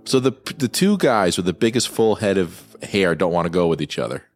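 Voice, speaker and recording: A man's voice: deep voice, lively intonation, brisk, faint music behind. A man co-hosting a movie watchalong, joking crudely and laughing a lot. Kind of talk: casual chat over a film.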